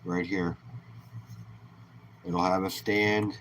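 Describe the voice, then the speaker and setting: A man's voice: low voice, level tone, very slow, fairly bright tone, a little hiss or hum, poor audio. A man hosting a live stream, chatting casually and easygoing with viewers and greeting them by name.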